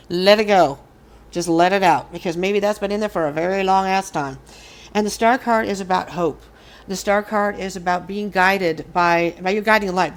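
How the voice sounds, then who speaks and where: A woman hosting a casual collective tarot reading, speaking earnestly and encouragingly to her viewers. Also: medium pitch. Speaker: tarot reader.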